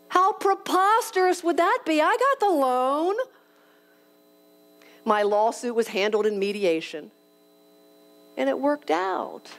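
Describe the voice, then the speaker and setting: A woman giving a motivational talk to young professionals, telling a personal story in an animated, frank and self-deprecating way, often acting out her own past words. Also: mid-range voice. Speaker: speaker at a leadership conference.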